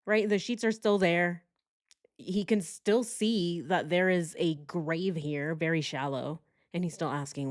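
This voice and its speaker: A woman's voice: lowish voice, unhurried. A woman giving casual true crime reaction commentary, indignant and exclamatory, with mocking impressions.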